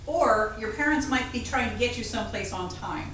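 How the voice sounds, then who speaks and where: A woman veterinarian giving a playful, animated talk to a class of children, asking them questions. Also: on the high side, normal speed. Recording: echoey room from far off, faint noise.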